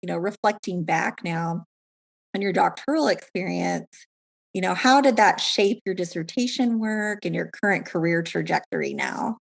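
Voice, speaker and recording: A woman's voice: fairly low pitch, normal speed, creaky. Enthusiastic woman podcast host. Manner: warm, enthusiastic, laughs often. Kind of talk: podcast interview.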